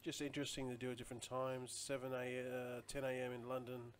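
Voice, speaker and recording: A man's voice: medium pitch, completely flat delivery, quick pace, a little hiss or hum. A man chatting casually on a live stream, rambling loosely and answering viewer comments as he goes.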